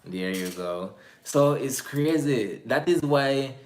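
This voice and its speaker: A man's voice: mid-range voice, lively intonation, slow. A man with a Caribbean Creole accent, chatting casually on a livestream and reading comments from chat. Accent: Caribbean English Creole. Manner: laid-back, rambling, reading chat aloud. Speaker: livestream host.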